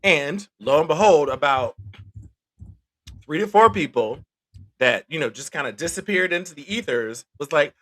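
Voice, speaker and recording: A male podcast co-host telling stories in casual chat. His pitch swings widely as he talks. He laughs often and keeps things loose. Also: moderate pace, long pauses. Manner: animated storyteller, laughs often.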